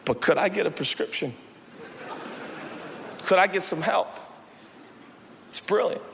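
A man preaching a sermon, animated, swinging from shouting to quiet with playful asides. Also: high-pitched, a little slow, gravelly. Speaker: pastor. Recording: long hall reverb, faint background noise.

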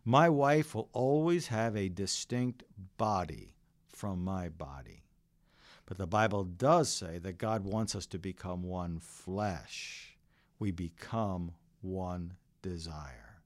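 A man's voice: low voice, slow pace, dry recording, studio quality. A middle-aged man preaching a sermon as pastor, earnest and full of stories. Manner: earnest, storytelling preacher who varies his delivery.

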